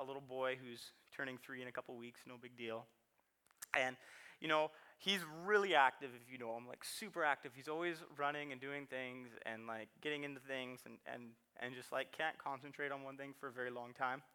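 A man's voice: medium pitch, steady tone, a little fast, pushed and bright, clean tone. A man in his thirties preaching a sermon in a chatty, self-deprecating way, laughing often and repeating words. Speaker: pastor.

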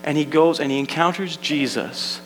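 A man's voice: a little high, moderate pace, soft background music. A man preaching a sermon, talking to the room in an easy way, often repeating words and adding asides. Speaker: pastor. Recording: echoey hall with faint mains hum.

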